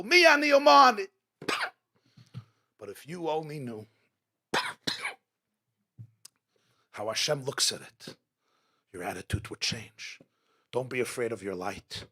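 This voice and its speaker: A man's voice: on the low side, a bit bright, husky. A man speaking as guest speaker at a live religious gathering, delivering a dramatic inspirational talk full of repeated rhetorical questions. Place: event hall, live before an audience.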